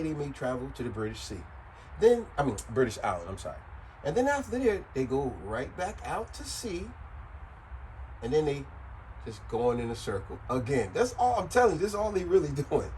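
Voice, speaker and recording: A man explaining things in a casual, joking way, circling back and repeating himself. His voice swings widely in pitch and sits a little high, and it sounds animated. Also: slight background noise, low-quality recording. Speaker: vlogger.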